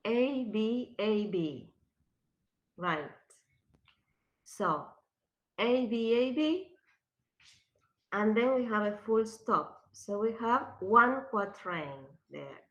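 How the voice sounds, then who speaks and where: Slow, bright-voiced woman teacher. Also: medium pitch, expressive, lo-fi sound. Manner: slow and questioning, switches to Spanish. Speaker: literature teacher. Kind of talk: classroom lecture.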